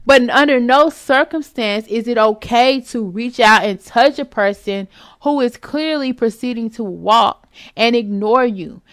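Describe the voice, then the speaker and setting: A woman hosts her own vlog and delivers a chatty, emphatic commentary, calling the listener "baby". Her voice sits a little high. The sound is dry, with no room echo. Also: fairly bright tone. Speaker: vlog host giving opinions. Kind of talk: casual commentary.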